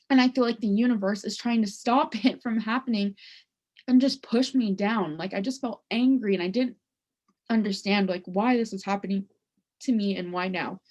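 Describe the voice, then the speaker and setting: A woman's voice: mid-range voice, moderate pace, darkish tone. A young woman telling a personal story for a class presentation, in a conversational way that is full of "like" and "um". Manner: conversational, with frequent "like" and "um" fillers. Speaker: student presenter.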